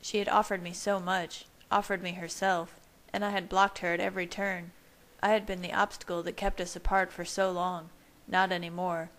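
A woman reading a first-person romance story aloud in a steady, intimate manner. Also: on the low side, normal speed, low-quality recording. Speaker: fan fiction reader. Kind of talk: audiobook narration.

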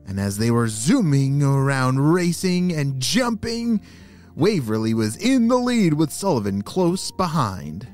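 A man's voice: mid-range voice, sing-song, measured pace, a little mellow, soft background music. A man hosting a children's story podcast, narrating in an enthusiastic, playful way.

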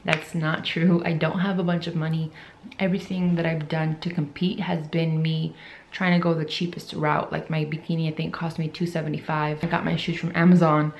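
Chatty young woman with a gravelly edge. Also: deep voice, level tone, normal speed, a little hiss or hum. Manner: chatty, emotional, rambling. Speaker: fitness vlogger. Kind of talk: casual talk to camera.

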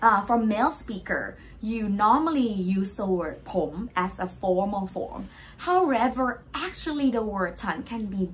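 A woman's voice: medium pitch, a bit bright. A young woman with a Thai accent, a Thai language teacher answering viewers' questions in a patient, step-by-step way. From Thailand. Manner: patient, explaining step by step with polite particles. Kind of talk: Q&A language lesson.

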